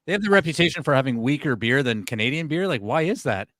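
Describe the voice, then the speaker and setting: A man's voice: medium pitch, animated, quick pace, fairly bright tone, slight background noise. A man hosting a comedy podcast, teasing his co-hosts and steering them through the segments. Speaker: podcast host. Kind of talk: casual chat.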